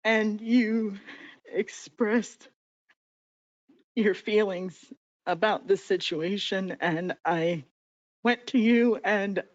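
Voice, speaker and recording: A woman in her thirties, a city commissioner, speaking emotionally with halting pauses and fillers at a desk microphone. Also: mid-range voice, no echo. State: emotional, near tears. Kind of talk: emotional public statement. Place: council chamber. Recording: dull lo-fi meeting audio.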